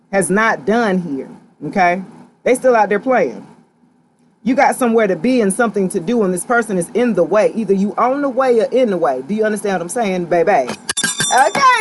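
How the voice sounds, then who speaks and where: A woman's voice: a little high, a little hiss or hum. A woman giving a live tarot reading to her viewers, talking straight at them in a sassy, slangy, direct way. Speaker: tarot reader.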